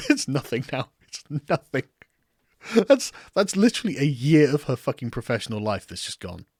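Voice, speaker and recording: A man's voice: mid-range voice, big pitch swings, normal speed, darkish tone, no echo, clean studio sound. Rambling English man reading chat comments. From England. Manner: rambling, laughs often, swears freely, self-mocking. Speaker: political commentary streamer. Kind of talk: casual livestream chat reading viewer comments.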